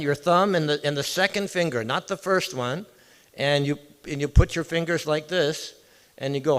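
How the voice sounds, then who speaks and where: A man's voice: on the high side, a bit bright. A man giving an informal devotional talk in a temple hall, chatting with and questioning his listeners directly. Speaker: visiting temple speaker.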